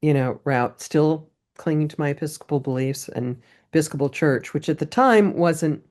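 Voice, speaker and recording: A woman's voice: sits low, normal speed, a little mellow. A woman poet, a guest in a casual interview, telling stories in a chatty way. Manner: chatty storytelling.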